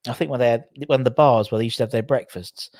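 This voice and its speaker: A man's voice: mid-range voice, steady tone, quick pace, a little mellow, no echo. A man hosting a casual football chat, telling stories in a rambling way with lots of fillers and restarts. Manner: chatty, rambling storyteller with frequent fillers and restarts. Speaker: podcast host.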